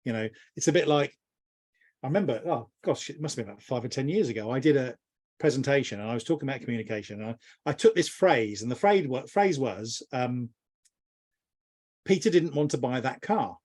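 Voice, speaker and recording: This middle-aged man, a business mentor, talks fast with a medium-pitched, slightly mellow voice and lively intonation. His conversational answer is long and thoughtful, wandering along with frequent restarts.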